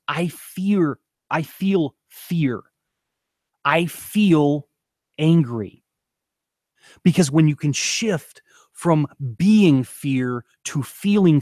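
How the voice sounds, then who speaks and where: A man with a voice on the high side coaches on leadership, speaking to camera in an earnest, emphatic teaching style and repeating points for emphasis. The recording is dry and studio quality.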